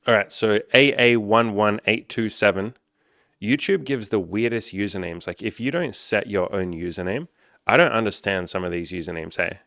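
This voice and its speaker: This dating coach speaks at a moderate pace in a fairly low, rather bright voice, recorded cleanly in a studio with no room sound. He reads comments from viewers and responds with blunt, casual advice, swearing freely along the way.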